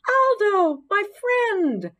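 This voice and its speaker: A woman's voice: high voice, big pitch swings, normal speed, voice pushed up. A woman voicing a small, cheerful, friendly male pet hamster in a storybook reading, earnest and eager to please. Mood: delighted.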